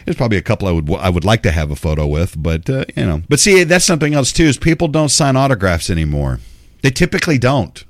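A man's voice: on the low side, big pitch swings, fast talker, no room sound, studio quality. A man from Memphis hosting a radio show, talking in a casual, meandering monologue with frequent restarts and fillers. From Memphis, Tennessee.

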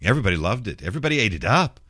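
Blunt, animated radio host. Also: male voice, fairly low pitch, racing, no echo, clean studio sound. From Memphis, Tennessee. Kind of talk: casual rant.

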